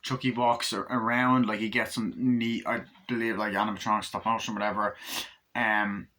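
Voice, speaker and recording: A man giving a casual, excitable movie review, retelling scenes and swearing freely. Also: lowish voice, moderate pace.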